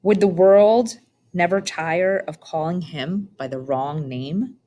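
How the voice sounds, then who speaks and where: A woman narrating a children's storybook in a calm, measured reading. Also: fairly low pitch. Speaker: audiobook reader.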